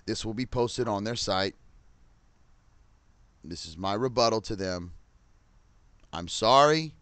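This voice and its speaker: A man's voice: on the low side, fairly bright tone. A middle-aged man, a podcaster and musician, ranting angrily to camera with lots of swearing and a repeated "Okay?". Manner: heated, profane, repeats "Okay?". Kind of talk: angry rant to camera.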